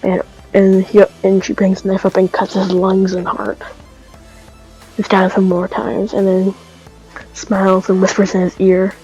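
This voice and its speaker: A woman's voice: medium pitch, completely flat delivery, unhurried, warm tone, breathy edge, highs cut off, soft background music. A woman telling a made-up fan story in a casual, rambling way that keeps stopping to correct itself. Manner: rambling, trailing off, self-correcting.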